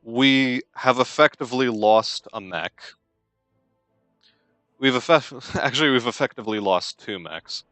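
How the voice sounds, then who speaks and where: A man's voice: medium pitch, a little slow, fairly bright tone, no echo, faint music behind. A young man giving casual let's-play commentary on a strategy game, with dry, wry understatement.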